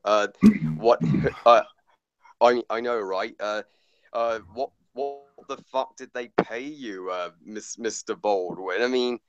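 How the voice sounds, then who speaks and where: A man reviewing a movie in casual chat, halting with many fillers and restarts, blunt and swearing. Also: on the low side, clear, resonant tone, dry recording, lo-fi sound.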